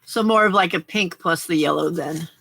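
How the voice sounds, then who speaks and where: A woman's voice: lowish voice, moderate pace, gravelly, fairly bright tone, slight background noise. An older woman hosting a casual late-night crafting livestream, chatting to viewers and getting emotional over their kindness. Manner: chatty, emotional, reacting to chat. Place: small home craft room.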